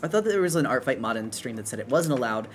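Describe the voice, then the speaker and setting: A man's voice: mid-range voice, expressive, rapid-fire, a little hiss or hum. A man streaming while he draws, chatting casually in a rambling, self-correcting way. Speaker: streamer and artist. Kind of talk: casual live-stream chat while drawing.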